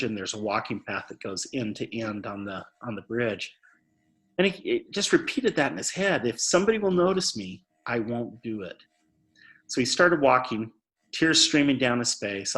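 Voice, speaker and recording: A man's voice: on the low side, fairly bright tone. A man speaking earnestly in an interview, telling a story and often repeating words as he stresses a point. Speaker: suicide prevention speaker.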